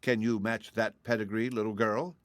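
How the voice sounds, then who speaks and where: A man's voice: fairly low pitch, little pitch movement, moderate pace, dry recording, studio quality, natural voice. A man voicing a proud, polite young dragon with a drawling, haughty manner.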